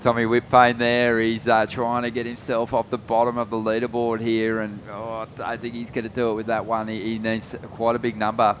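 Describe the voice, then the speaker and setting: A man calling a surf contest live, relaxed, rising in energy on big turns. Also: medium pitch, fairly quick, hardly any pauses, slight background noise. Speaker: surf commentator. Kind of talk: live sports commentary.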